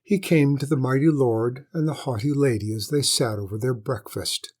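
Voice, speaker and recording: A man reading a children's storybook aloud as narrator, in a measured, steady manner. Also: mid-range voice.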